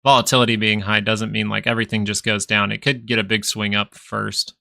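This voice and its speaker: Gravelly man hosting a casual market stream. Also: lowish voice, flat delivery, a little fast, bright, forceful tone. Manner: rambling, chatty, answers viewers directly. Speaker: stock market livestream host.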